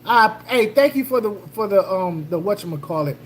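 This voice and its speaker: A woman hosts a casual livestream, joking loosely in slang, laughing and greeting chatters by name. Her mid-range voice is expressive and moves at a normal speed, with a little hiss or hum in the audio.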